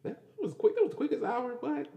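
A man hosting a podcast, talking in casual, animated commentary, laughing and repeating himself as he reacts. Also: very high-pitched, quick pace, creaky, long reverb tail. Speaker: podcast host.

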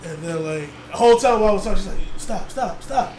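A man's voice: sits high, racing. A young man hosting a podcast, telling stories in casual chat, laughing often and mimicking others. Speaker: podcast host. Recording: echoey room with noise.

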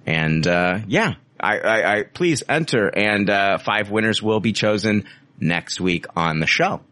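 Man, podcast host, lively pitch, bright dry sound, swears freely. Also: a little slow, dry recording. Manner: loose, profane, joking. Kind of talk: casual chat.

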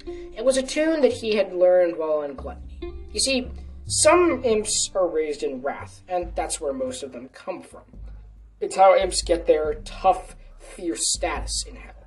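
A woman reading a story aloud in a casual, lowish voice, correcting slips as she goes. She sits some distance from the mic, with faint music under her narration. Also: expressive, a little slow, a little mellow. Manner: casual, with small self-corrections. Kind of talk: storytelling reading of a fan fiction.

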